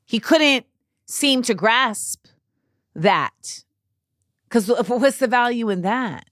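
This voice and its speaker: A woman podcast host tells a personal story in an unhurried, measured way. She pauses and restarts often as she searches for words. The sound is dry and close, with no room echo at all. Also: a little high, lively intonation, a bit bright. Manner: slow, reflective, halting with restarts.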